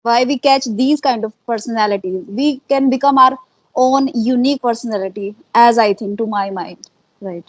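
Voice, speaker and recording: A woman with an Indian accent speaks earnestly in a casual conversation, her voice sitting a little high. She repeats herself and fills pauses with "uh" and "like." The sound is dry and close, with no room echo. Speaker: interviewee, English learner.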